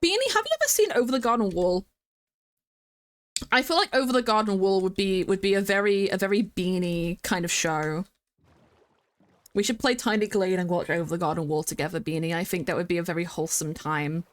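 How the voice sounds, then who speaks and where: A young woman streams a game and chats casually with viewers in a mid-range voice, a little fast. She rambles with plenty of fillers and restarts, breaking into excited greetings.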